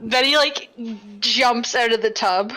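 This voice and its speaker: Brief: high, bright, very lively woman player, laughs a lot. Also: unhurried, low-quality recording. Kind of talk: tabletop role-play.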